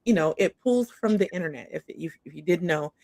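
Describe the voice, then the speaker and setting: A woman's voice: on the low side, lively intonation, brisk, darkish tone, no echo, studio quality. A middle-aged woman, a guest coach, chatting casually in a bubbly way and often saying "like" and "awesome.". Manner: bubbly, says "like" and "awesome" a lot. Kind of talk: casual interview chat.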